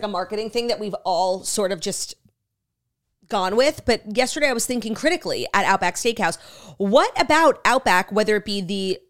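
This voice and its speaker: A woman's voice: mid-range voice, fairly bright tone. A woman co-hosting a podcast in casual chat, teasing and questioning things in a mock-serious way. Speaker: podcast co-host.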